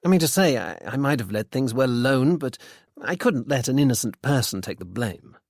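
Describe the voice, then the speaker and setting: A polite, apologetic young gentleman, as read by a male narrator, courteous and a little rushed. It sits at a middling pitch in a dry, close storybook reading. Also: sing-song, no room sound.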